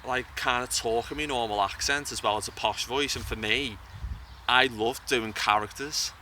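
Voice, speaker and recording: A man's voice: mid-range voice, normal speed, sharp tone. A young man being interviewed outdoors about acting, talking casually and often restarting his sentences. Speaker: interview guest, actor and YouTuber. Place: outdoors by a bridge. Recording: from a distance, with faint outdoor noise.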